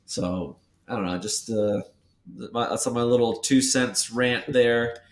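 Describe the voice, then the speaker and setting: A man co-hosting a podcast, telling a story in a rambling, animated way with many restarts, hyped up. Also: mid-range voice, slow pace, recorded from a distance. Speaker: podcast co-host. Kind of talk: casual podcast chat. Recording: echoey room, away from the mic.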